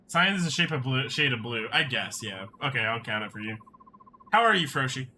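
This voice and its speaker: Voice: medium pitch, expressive, a little fast, sharp tone, a little hiss or hum. A streamer from Canada chatting casually and self-deprecatingly while playing a video game. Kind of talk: casual gaming stream chat.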